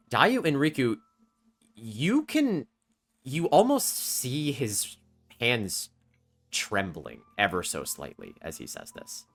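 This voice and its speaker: A man runs a tabletop role-playing game and describes each scene in detail, with many ums. His voice is bright and expressive and ranges widely in pitch. Soft music plays behind him. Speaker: game master.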